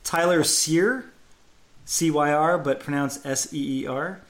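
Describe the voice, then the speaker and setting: A man's voice: a little high, fairly even intonation, normal speed. A man co-hosting a casual sports podcast, chatty and self-deprecating, working through name pronunciations. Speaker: podcast co-host.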